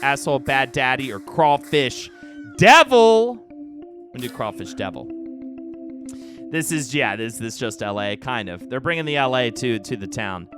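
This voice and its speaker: Streamer reading game text aloud in a relaxed, wry manner, with game music playing clearly behind. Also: male voice, medium pitch, moderate pace.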